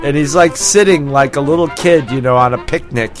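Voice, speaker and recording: A man's voice: on the high side, fairly quick, soft background music. A man casually telling a drunken story on a podcast, swearing often, laughing and acting out what people said.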